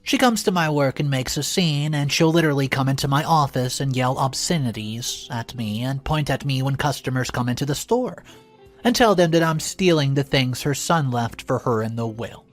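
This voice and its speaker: A man narrating a first-person story aloud in an expressive, animated way. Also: mid-range voice, moderate pace, faint music behind.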